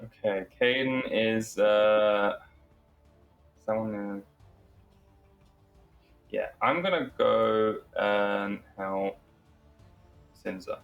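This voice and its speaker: A man's voice: lowish voice, very slow, vocal fry, long pauses, dull audio, soft background music. A man playing a tabletop game, laying out his turn in a laid-back, mumbling way. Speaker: player.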